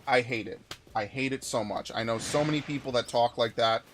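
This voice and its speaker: A man's voice: mid-range voice, brisk, few pauses, a bit bright, a little hiss or hum. A man giving profane, ranting let's-play commentary while reacting to chat comments. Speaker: gaming YouTuber. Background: game music.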